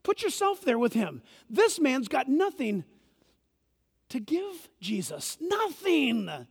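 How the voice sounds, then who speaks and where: A man preaching a sermon as pastor, swinging from loud bursts to hushed asides in a church. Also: extremely high pitch, sing-song, slow, slightly rough. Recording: reverberant church hall.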